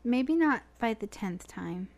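A woman's voice: fairly high pitch, expressive, slow, a little mellow. Female podcast co-host, casual, playful, with dry sarcasm. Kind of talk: casual chat.

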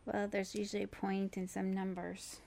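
A woman co-hosting a podcast from a living room, chatty and quick to giggle. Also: mid-range voice, completely flat delivery, gravelly, a little mellow. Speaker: podcast co-host. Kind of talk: casual chat.

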